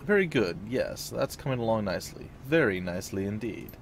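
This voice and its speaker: A man voicing a cultured, pleasant middle-aged male drone engineer in a video game, speaking in a polite, measured way. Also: lowish voice, expressive, a little hiss or hum. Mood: courteous.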